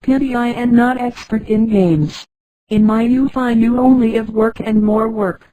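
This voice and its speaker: A synthetic female voice reading the part of a self-assured male pirate governor in a space storybook, in the same even machine delivery as the narration. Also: extremely high pitch, measured pace, no echo, low-quality recording. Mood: musing.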